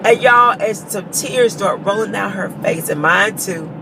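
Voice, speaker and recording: A woman's voice: medium pitch, a little slow, noisy background. A woman giving a personal testimony to her viewers, earnest and emotional, choked up at times and calling them y'all. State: choked up with tears. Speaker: vlogger.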